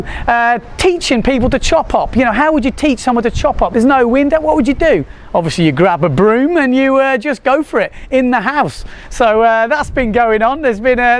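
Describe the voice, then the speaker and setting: A man hosting a casual vlog, chatting to the camera in a joking, rambling way. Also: very high-pitched. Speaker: vlog host.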